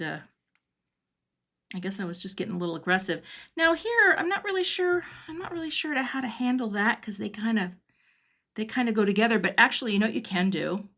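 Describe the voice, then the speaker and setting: Middle-aged woman, craft livestream host; casual, rambling, thinks out loud, pitch mid-range. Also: vocal fry. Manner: chatty, thinks aloud while working, answers viewer comments. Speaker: card-making livestream host. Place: home craft studio.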